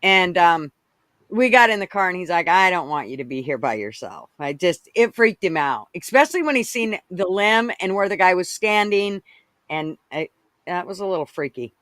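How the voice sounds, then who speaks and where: A woman's voice: mid-range voice, animated, moderate pace, fairly bright tone, no room sound. A woman chatting casually as a guest on a live stream, eagerly showing and explaining her work. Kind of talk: casual show-and-tell.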